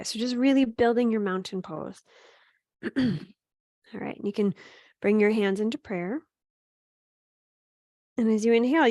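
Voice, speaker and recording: Calm woman guiding a gentle yoga class. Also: a little high, no room sound, clean studio sound. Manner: calm, encouraging cues with frequent "right?" and "um"; speaks to students by name. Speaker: yoga teacher. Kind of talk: guided yoga class instruction.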